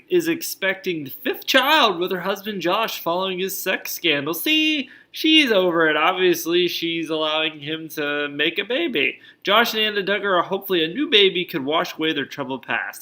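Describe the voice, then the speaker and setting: Bright-voiced chatty man. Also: fairly high pitch. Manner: chatty, joking, reads news aloud with asides. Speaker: vlog host. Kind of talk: casual celebrity gossip chat.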